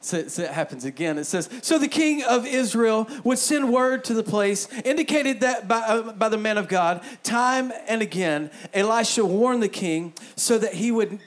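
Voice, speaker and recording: A man's voice: high-pitched, lively intonation, moderate pace, few pauses. A man in his thirties preaching a sermon as pastor in a church, joking and acting out inner voices. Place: church sanctuary.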